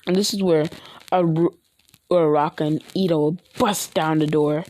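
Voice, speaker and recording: A woman improvising a fan-fiction story out loud, rambling and chaining "and this is where" with restarts and fillers. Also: deep voice, fairly even intonation, moderate pace, no echo. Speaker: online video creator.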